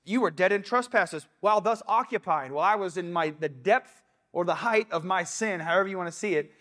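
A man's voice: high-pitched, fairly quick, a bit bright. A young adult man preaching a casual, conversational sermon in a church, breaking into quoted asides. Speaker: pastor. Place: church sanctuary.

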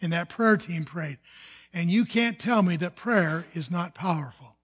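An older male pastor with a notably high-pitched voice shares a personal testimony. He tells the story earnestly, with halting restarts and fillers, in a plain sermon style. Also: expressive, a bit bright, husky.

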